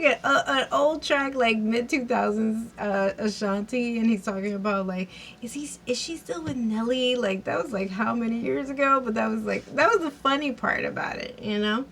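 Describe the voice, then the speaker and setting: A woman's voice: on the high side, vocal fry, fairly bright tone, a little hiss or hum, poor audio. A woman giving a casual recap and review of a TV episode, chatty and giggly, with lots of fillers and restarts.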